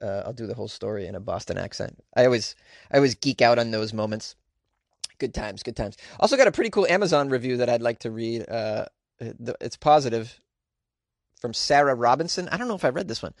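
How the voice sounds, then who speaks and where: A man's voice: medium pitch, animated, fairly quick, creaky, no echo, studio quality. A man hosting his own podcast in a casual, rambling way, with plenty of ums and side remarks. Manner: rambling, with many ums and trailing asides. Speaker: podcast host and comedian. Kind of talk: casual chat, reading out listener reviews.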